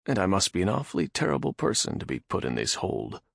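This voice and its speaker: A man's voice: deep voice, wildly swooping pitch, fast talker, creaky, breathy edge, no room sound, heavily acted. A man voicing an irritated, sarcastic male prisoner who talks dully and dryly. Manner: dry and sarcastic.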